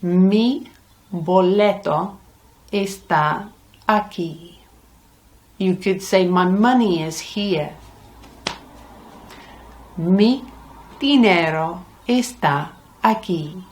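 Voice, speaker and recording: A woman's voice: fairly low pitch, drawn-out words, long pauses, darkish tone. A middle-aged woman teaching a language lesson, patiently repeating words for learners. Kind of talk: slow, deliberate Spanish lesson.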